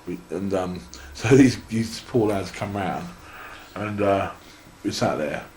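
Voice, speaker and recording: English guy, really low voice, rambling interview stories, echoey room. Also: slow, a little mellow, a little hiss or hum. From England. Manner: rambling anecdotes full of restarts and laughter. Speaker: interview guest, wrestler. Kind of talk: casual storytelling.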